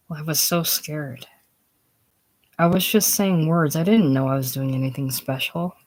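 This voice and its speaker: A woman voicing a chatty, excitable young woman who rattles on about her stage triumph, in a casual script reading. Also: deep voice, poor audio. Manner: rattles on breathlessly, gushing.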